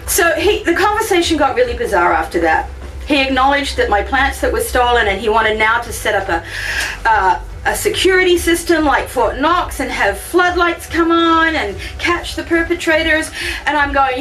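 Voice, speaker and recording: Animated woman sharing her testimony. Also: normal speed, recorded from a distance, faint music behind, low-quality recording. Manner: animated storytelling, voice rising high when excited. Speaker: church member giving testimony. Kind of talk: personal testimony in church.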